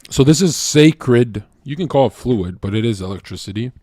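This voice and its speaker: A man's voice: expressive, normal speed, no echo, clean studio sound. Brash profane man ranting to chat. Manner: brash, profane, swings from loud shouting to low murmuring. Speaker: streamer. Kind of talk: livestream rant to chat.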